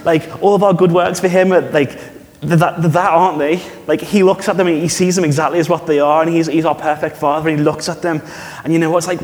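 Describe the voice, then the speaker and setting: Preacher in a reverberant hall. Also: male voice, fairly high pitch, fast. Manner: conversational, animated, asks the congregation questions. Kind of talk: sermon. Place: church hall.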